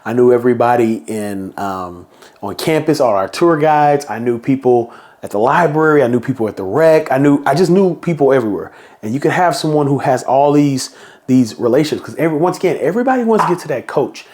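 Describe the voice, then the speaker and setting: A middle-aged man hosts a podcast, telling a story in a casual monologue and acting out quotes with bursts of higher pitch. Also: lively intonation, a little fast, a little mellow. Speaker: podcast host.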